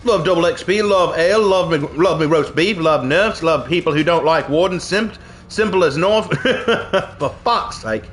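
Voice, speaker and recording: A man's voice: a little high, normal speed, faint music behind. A gaming streamer, a man, chatting playfully through his gameplay in an exaggerated put-on British accent, tacking jokey slang tags onto his lines. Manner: chuckles often, jokey tags. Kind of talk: casual gameplay commentary.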